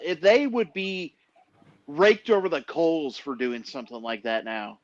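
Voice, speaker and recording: A man in casual chat, tossing out jokey one-liners. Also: fairly high pitch. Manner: jokey, quick quips. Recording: dull lo-fi sound.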